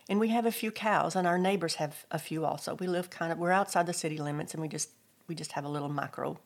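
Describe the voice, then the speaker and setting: Middle-aged woman giving a devotional talk. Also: lowish voice. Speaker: Christian speaker.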